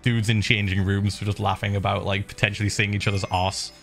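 A man streaming, telling a story in an animated way, swearing and laughing freely. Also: on the low side, a little fast, gravelly, soft background music. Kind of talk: animated storytelling to a live chat.

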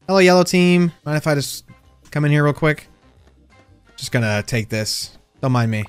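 Fairly high-pitched with a clear, resonant tone, this gaming YouTuber speaks at normal speed and pauses often. The recording is dry with soft music underneath as he trash-talks other players playfully and yelps when startled.

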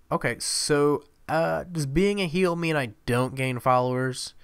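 A man's voice: fairly high pitch, a little slow, hardly any pauses, fairly bright tone, clean tone. A man commentating over a wrestling video game, playful and jokey, swearing often. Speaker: gaming commentator. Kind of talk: let's play commentary.

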